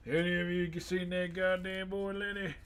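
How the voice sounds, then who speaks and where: A man's voice: high-pitched, a bit bright, clean tone, voice pushed up. A man voicing a rowdy, cussing Texan cowboy in a put-on Southern drawl. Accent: put-on American Southern.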